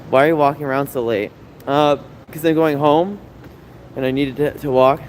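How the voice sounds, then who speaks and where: A man's voice: on the high side, normal speed, poor audio. A man in his thirties livestreaming on city streets at night, chatting casually and emotionally with viewers as he reads their comments. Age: 30s. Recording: street noise behind. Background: city traffic noise.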